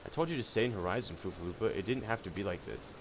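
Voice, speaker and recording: A man's voice: fairly low pitch, quick pace, background noise, natural voice. A man voicing a corrupt, greedy male guard captain in a game, sneering and contemptuous. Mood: scornful. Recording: game music loud underneath.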